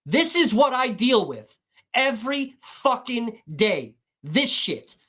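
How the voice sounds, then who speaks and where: A woman's voice: fairly high pitch, very animated, slow pace, a bit bright, breathy edge. A woman live streaming, swearing constantly in an irritated, combative rant. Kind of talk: livestream rant.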